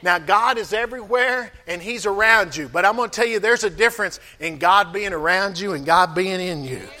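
A man's voice: high voice, normal speed, pushed and bright. A man pastor preaching a sermon, calling out to the congregation for responses.

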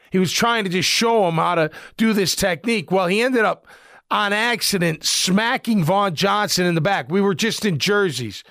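A man's voice: high-pitched, a bit bright, no room sound, studio quality. A middle-aged man, a former football player, giving casual sports commentary in a blunt, rambling way with lots of fillers.

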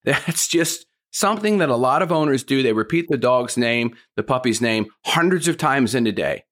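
A man's voice: medium pitch, lively intonation, normal speed, fairly bright tone. A man giving a dog training lesson, firm and plain-spoken, who repeats his key points. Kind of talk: instructional talk.

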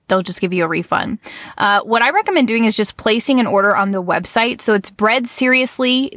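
A woman's voice: medium pitch, a bit bright, no room sound. Chatty woman podcast host, dry sound. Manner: chatty, laughs often, many fillers. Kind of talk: casual podcast chat with ad read.

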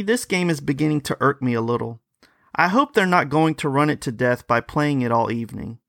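A man's voice: mid-range voice, a bit bright, no echo, clean studio sound. A man reading a ghost story aloud, voicing a talkative, uneasy upper-class woman at a country-house party.

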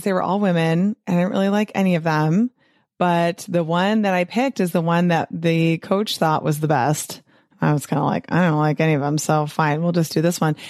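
A woman's voice: fairly low pitch, a little mellow, dry recording, clean studio sound. Chatty upbeat woman podcast host. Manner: chatty and upbeat, laughs often, quick asides. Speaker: podcast host, physician and weight-loss coach. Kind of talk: casual solo podcast talk.

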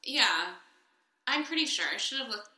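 Giggly bright-voiced woman podcaster. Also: sits high, expressive, moderate pace, echoey room. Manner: giggly, rambling with many fillers. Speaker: podcast co-host. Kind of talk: casual chat.

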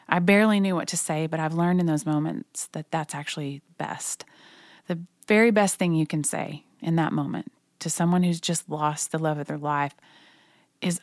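A woman narrating a personal story in a quiet, gentle, reflective way. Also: low voice, no echo, studio quality. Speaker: narrator reading her own memoir.

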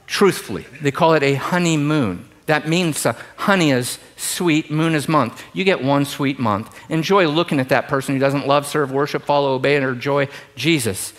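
A middle-aged male pastor preaching a sermon in an animated, joking way, swinging from loud emphasis to hushed asides. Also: a little high, normal speed, few pauses.

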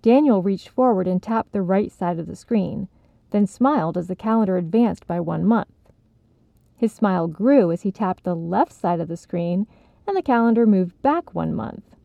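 Woman narrator, story reading, gravelly, mellow tone, dry slightly dull recording. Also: medium pitch, lively intonation, moderate pace, no echo.

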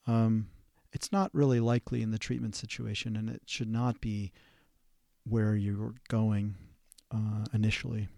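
A man, a therapist hosting a podcast, giving an instructional talk in a measured, halting way with fillers and restarts. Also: lowish voice, little pitch movement, vocal fry, warm tone, no echo, clean studio sound.

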